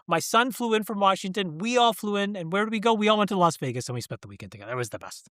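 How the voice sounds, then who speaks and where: A man in his forties answers as an interview guest, speaking on the higher side for a man. He sounds earnest and emphatic, restarting phrases as he goes. The sound is dry and close with no room around it. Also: lively intonation, racing, a bit bright, no room sound. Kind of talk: candid interview conversation.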